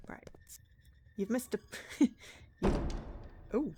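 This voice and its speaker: A woman's voice: on the high side, expressive, takes it slowly, long pauses, dark tone, slight background noise. Chatty woman streaming a game. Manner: chatty, thinks aloud, drops to near-whispers. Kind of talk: casual let's-play commentary.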